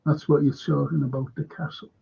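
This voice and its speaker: A man with a Liverpool accent hosts a live history stream, chatting in a loose, jokey way and getting a little flustered when the connection drops. His voice is gravelly and sits a touch high, heard through a slightly muffled home setup. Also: little pitch movement, brisk, warm tone. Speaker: host of a live history show. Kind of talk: casual live-stream chat.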